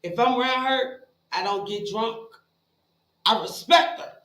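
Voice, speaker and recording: A woman in her forties from Richmond, talking bluntly with plenty of profanity. Her voice is bright and forceful, and it rings in a roomy, echoey space. She sounds heated and direct in casual chat. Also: a little high, a little slow. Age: 40s. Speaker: live stream guest.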